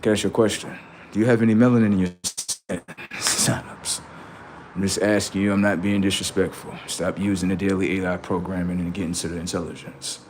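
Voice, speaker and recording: A man's voice: sits low, little pitch movement, a little fast, a little mellow, slight background noise. A man hosting a livestream, preaching in a confrontational way with rhetorical questions and street slang. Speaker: livestream host.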